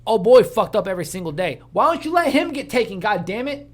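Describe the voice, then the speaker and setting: Animated, swearing male podcast host. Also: high voice, quick pace. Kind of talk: casual profane chat.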